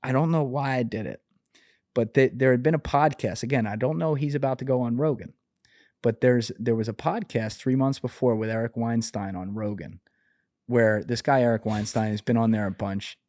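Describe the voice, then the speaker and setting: Brief: a podcast guest in his twenties, animated and profane, mid-pitched voice, dry close sound. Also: moderate pace, no echo. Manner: animated, profane, filler-heavy. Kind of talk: casual storytelling chat.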